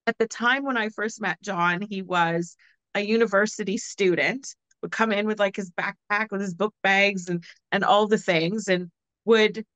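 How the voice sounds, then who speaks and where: A woman, co-hosting a podcast and telling a story in a casual, animated way, laughing often. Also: medium pitch, moderate pace, no echo, rough recording. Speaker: podcast co-host.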